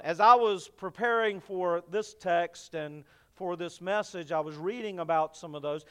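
High, clear-voiced male pastor. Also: fairly bright tone. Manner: conversational storytelling, addresses the congregation. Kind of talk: sermon.

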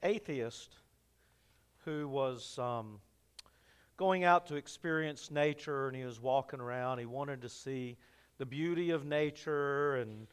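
A man's voice: mid-range voice, slow pace, clean tone. A man preaching a sermon as pastor, telling a story and speaking straight to the congregation in an easy, conversational way.

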